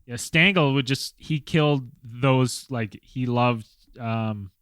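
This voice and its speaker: A man co-hosting a casual podcast, reading facts from a list with pauses and fillers. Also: medium pitch, a bit bright, clean tone, dry recording. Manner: hesitant, reading facts from notes with many fillers. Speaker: podcast co-host. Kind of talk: casual chat.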